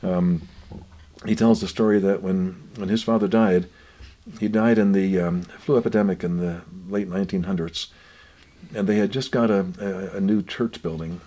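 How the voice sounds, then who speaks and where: An older man gently telling family stories in an unhurried, reflective way, his voice often dropping quiet. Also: low-pitched, fairly even intonation. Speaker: guest author.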